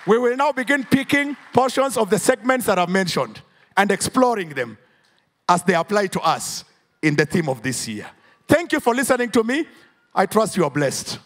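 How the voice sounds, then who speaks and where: A man's voice: high voice, big pitch swings, moderate pace, a bit bright. A man with a Ugandan English accent preaching a sermon in church, drawing call-and-response from the congregation and rising into sing-song emphasis. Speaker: pastor.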